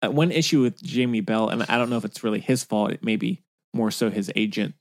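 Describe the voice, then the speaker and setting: A man's voice: lowish voice, a little fast, no echo. A man co-hosting a podcast, chatting casually in an easygoing, agreeable and somewhat hesitant way. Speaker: podcast co-host. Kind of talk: casual chat.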